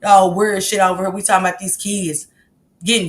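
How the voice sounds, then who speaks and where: A woman's voice: mid-range voice, level tone, a little fast, slight background noise. A woman hosting a casual livestream, reading the chat aloud and bluntly scolding commenters. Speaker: livestream host.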